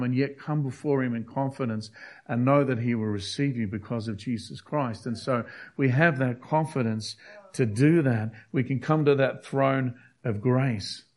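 A man preaching a sermon, earnest and emphatic, often restarting his phrases. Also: mid-range voice. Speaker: pastor.

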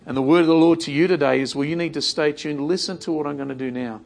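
A man's voice: on the high side, steady tone, quick pace, gravelly. A man preaching a sermon in a conversational way, repeating phrases and acting out imagined prayers.

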